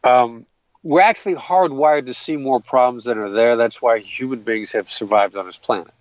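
A man's voice: medium pitch, moderate pace, no echo, lo-fi sound. Uitleggende man met een doffe, droge opname. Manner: earnest and explanatory, with frequent restarts. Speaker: guest, hostage negotiator. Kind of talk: explanatory interview talk.

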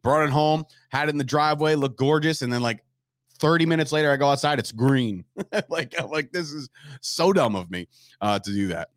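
A man's voice: fairly high pitch, expressive, brisk, no echo, studio quality. A man co-hosting a casual sports chat, joking around and trailing off with fillers. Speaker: podcast co-host.

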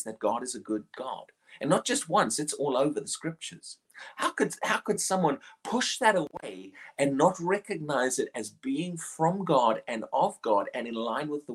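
A man's voice: fairly high pitch, husky. A middle-aged man preaching a sermon in an earnest way, often repeating words as he starts a sentence.

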